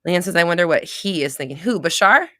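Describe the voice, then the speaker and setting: Low-voiced chatty woman streamer. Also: expressive, fast talker, a bit bright, no echo, clean studio sound. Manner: chatty, laughs often, reads viewer comments aloud. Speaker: livestream host. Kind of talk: casual live stream chat.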